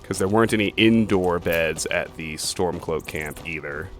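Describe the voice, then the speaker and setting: A man's voice: low-pitched, moderate pace, music in the background. A man hosting a let's play, chatting casually as he plays, thinking aloud and swearing offhandedly. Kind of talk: casual gaming commentary.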